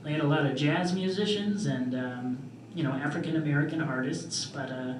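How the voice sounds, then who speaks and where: A young man doing a stand-up comedy set, deadpan and self-deprecating, with trailing fillers. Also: a little high, brisk, a little hiss or hum. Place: club stage in front of a live audience. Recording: roomy club audio from far off. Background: audience laughter.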